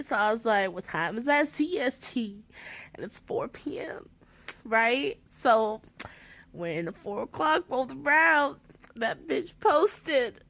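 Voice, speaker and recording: A woman making a casual vlog while crying, teary and worked up, swinging between shrill outbursts and quiet lines. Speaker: book vlogger.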